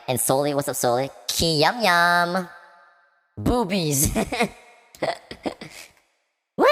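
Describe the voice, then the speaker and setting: A man's voice: medium pitch, fairly bright tone. A man speaking his normal way through a vocoder with the formant raised, joking and rambling to his stream. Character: formant-shifted version of his own voice. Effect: vocoder formant shift. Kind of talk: live stream chatter.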